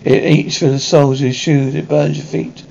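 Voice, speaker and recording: A man's voice: on the high side, little pitch movement, moderate pace, vocal fry, darkish tone, slight background noise. An actor playing an agitated male war pilot in a psychiatric ward, who talks in a jittery, fixated, rambling way, from a dull lo-fi TV soundtrack.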